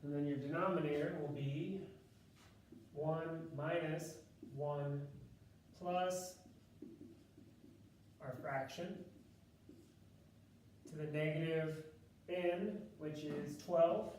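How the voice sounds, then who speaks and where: A man with a fairly high voice teaches a math class, talking through each step of a loan problem in a relaxed, casual way. He sounds distant from the microphone, and the classroom echoes heavily around him. A faint hiss of room noise sits underneath. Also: takes it slowly, pauses often. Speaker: math instructor. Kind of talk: classroom lecture.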